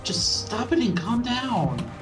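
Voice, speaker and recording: A man reading the lines of an earnest young man who pleads gently with a friend to calm down. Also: high voice, takes it slowly, far from the mic, music in the background, voice pushed up, full character voice, poor audio. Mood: pleading.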